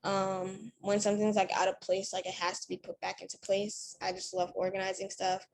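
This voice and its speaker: A woman's voice: medium pitch, completely flat delivery, normal speed, gravelly, a little hiss or hum. A teenage girl answering interview questions casually, talking in a chatty way with lots of "like" and "you know". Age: teens. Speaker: interview guest.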